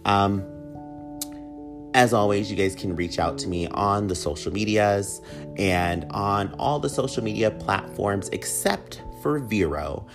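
A man hosts his own podcast in a low, slightly whiny voice, chatty and full of playful camp. Soft music plays faintly underneath him. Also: unhurried. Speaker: podcast host. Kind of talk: solo podcast talk with a read ad.

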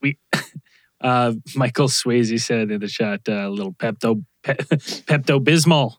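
A man hosts a casual podcast, easygoing and full of small fillers. His mid-pitched voice is recorded dry, with no room sound. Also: unhurried, no room sound. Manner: relaxed, hesitant fillers, reads from the chat. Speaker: podcast host.

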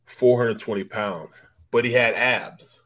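A former football player co-hosting a sports talk show, a man spinning animated locker-room stories. He laughs through his tales and repeats words for emphasis, in an ordinary middle-range voice. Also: medium pitch, takes it slowly. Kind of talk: casual storytelling chat.

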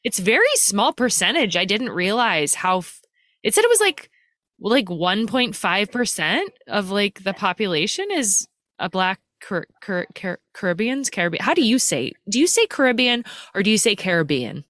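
A woman's voice: mid-range voice, big pitch swings, normal speed, a bit bright, dry recording, studio quality. A woman hosting a podcast, chatty and frank, laughing easily and swearing casually. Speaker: podcast host. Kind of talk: casual interview conversation.

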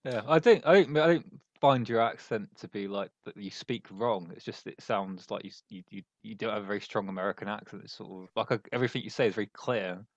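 A man's voice: fairly low pitch, quick pace, few pauses. A man, a guest on a podcast in casual chat, asking curious questions and restarting often. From England. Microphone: video call. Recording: dull, dry video call audio.

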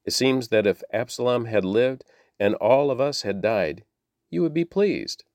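A man's voice: mid-range voice, animated, measured pace, darkish tone, dry recording, clean studio sound. A man reading the lines of a stern male army commander, blunt and scolding. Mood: rebuking.

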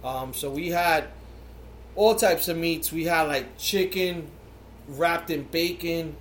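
A man's voice: a little high, takes it slowly, a bit bright. A man hosting a podcast, telling a long story in casual chat, with plenty of fillers and swearing. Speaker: podcast host. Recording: echoey room with faint background noise.

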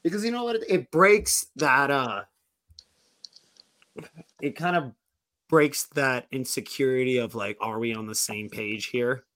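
A man's voice: medium pitch, unhurried, pauses often, fairly bright tone, no room sound. Rambling male podcast storyteller, dry sound. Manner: rambling, full of "like" and restarts. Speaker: podcast co-host. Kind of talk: casual storytelling chat.

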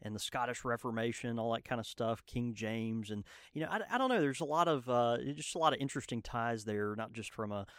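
An eager man talks casually as a podcast co-host. He sounds fired up and loose, circling back with restarts and fillers. His voice sits at a middling pitch and sounds dry and close, with no room sound around it. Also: lively intonation, fairly quick, few pauses, fairly bright tone, clear, resonant tone, no room sound. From Southern United States. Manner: enthusiastic, many fillers and restarts. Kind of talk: casual chat.

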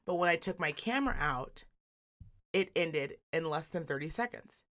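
A woman co-hosting a podcast, telling a story in casual chat, profane and animated, acting out the people she quotes. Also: low voice, normal speed. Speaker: podcast co-host.

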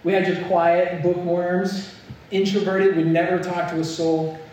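A man's voice: sits high, level tone, unhurried, darkish tone, a little hiss or hum. A young man preaching a sermon, telling a story and building to earnest, emphatic points. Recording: echoey hall, mic at a distance.

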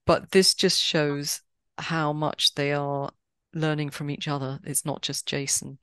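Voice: medium pitch, level tone, a little slow, a bit bright, clear, resonant tone, dry recording, studio quality. A podcast host chats casually with a guest, speaking cheerfully and often restarting sentences. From Britain. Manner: chatty, with frequent restarts and a cheery tone. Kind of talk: casual interview chat.

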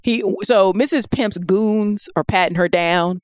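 A woman co-hosting a podcast in casual chat, telling stories in an animated way with laughs. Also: mid-range voice, measured pace, no room sound, clean studio sound. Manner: animated storytelling with laughs and acted quotes. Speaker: podcast co-host.

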